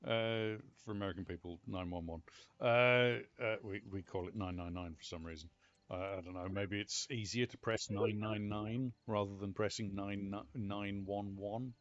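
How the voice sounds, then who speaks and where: A British man casually chatting and telling stories while playing a game, animated and exclamatory. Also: fairly low pitch, normal speed, no echo, lo-fi sound. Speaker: gaming channel host. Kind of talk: casual gameplay commentary.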